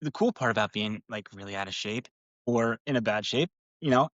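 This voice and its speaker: A man's voice: fairly low pitch, brisk, fairly bright tone, dry recording, dull audio. A young man, a personal trainer, chatting casually as a podcast guest, upbeat and rambling with lots of "you know" fillers.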